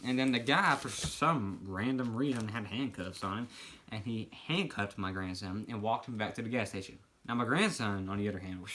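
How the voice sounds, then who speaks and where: A man's voice: mid-range voice, lightly acted, low-quality recording. A man playing a rambling old grandpa storyteller. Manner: rambling, meandering, deadpan delivery of absurd events. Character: rambling grandfather telling absurd tall tales. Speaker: comedic storyteller. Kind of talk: improvised comedy monologue.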